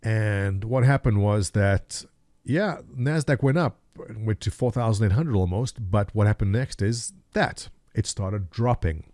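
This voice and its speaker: A man's voice: fairly low pitch, measured pace, a little mellow, no room sound, clean studio sound. A man in his forties, a former day trader, casually telling stories to his viewers and asking them rhetorical questions while he walks through a chart. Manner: laughs at his own stories. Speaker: streamer and market commentator. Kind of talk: casual storytelling over a chart.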